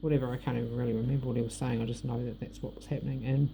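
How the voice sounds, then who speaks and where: Gravelly, dark-voiced New Zealand woman. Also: rumbling low, flat delivery, racing, a little hiss or hum. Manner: blunt, rambling, frank with swearing. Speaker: vlogger. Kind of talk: personal monologue.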